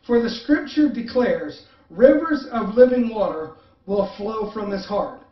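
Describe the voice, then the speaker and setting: A male pastor preaching a sermon for an online service, moving between emphatic repeated appeals and soft, halting personal asides. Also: sits high, animated. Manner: drops to soft, hesitant confessional tone with many fillers. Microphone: online service stream. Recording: roomy, distant, muffled sound.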